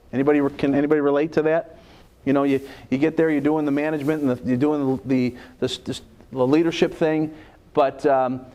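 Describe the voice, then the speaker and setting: A middle-aged man giving a business seminar lecture, telling stories and putting questions to the audience. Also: a little high. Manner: animated, asks the audience questions, acts out quoted dialogue. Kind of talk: lecture with storytelling. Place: lecture room.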